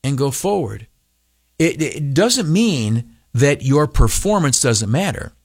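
A male radio broadcaster gives a motivational talk at a middle pitch, his voice swinging widely up and down as he goes. He often stops on filler uhs and slips into mocking high voices for the people he quotes. The sound is dry and close, with no room around it. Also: very animated, takes it slowly, a little mellow, slightly rough, no room sound.

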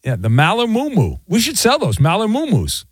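A man's voice: sits high, wildly swooping pitch, normal speed, breathy edge, dry recording. A man hosting an overnight sports talk radio show in a studio, sarcastic and teasing with his callers. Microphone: studio microphone.

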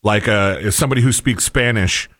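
A man co-hosting a talk show, speaking casually and haltingly, with many fillers and restarts. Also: fairly low pitch, a bit bright, dry recording. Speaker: co-host.

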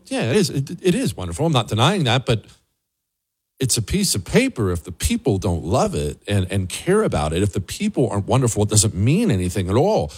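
A man's voice: mid-range voice, husky. A man hosting a show, giving casual commentary in an earnest, emphatic way, often repeating words for stress. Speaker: show host.

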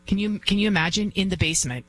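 A woman's voice: mid-range voice, fast, fairly bright tone, a little hiss or hum, rough recording. A woman filling in as a talk radio host, giving an emphatic, indignant monologue with lots of repetition.

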